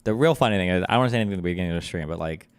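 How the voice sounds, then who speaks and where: A man's voice: low voice, racing, clear, resonant tone. A man giving heated, profane live-stream commentary straight into a desk microphone.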